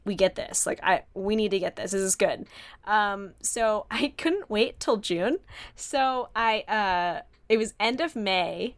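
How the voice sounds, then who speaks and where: A young woman podcast host telling a story in casual chat, animated and full of fillers, acting out her own excited reactions. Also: mid-range voice, no echo. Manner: animated, quotes herself in excited voices, many fillers.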